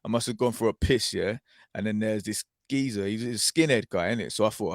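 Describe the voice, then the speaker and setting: A man's voice: on the low side, brisk, no echo, studio quality. A man with a London accent, co-hosting a podcast and telling rambling anecdotes full of "innit" and laughter. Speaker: podcast co-host. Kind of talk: casual storytelling chat.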